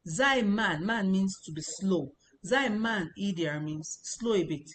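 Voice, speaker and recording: A woman's voice: medium pitch, measured pace. A woman teaching a language lesson, explaining patiently and repeating points with casual fillers.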